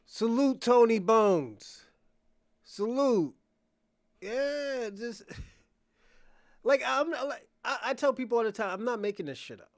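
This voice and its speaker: A man's voice: very high voice, expressive, slow pace, long pauses, no room sound, clean studio sound. A man hosting a channel, giving blunt, profane casual commentary with laughing asides.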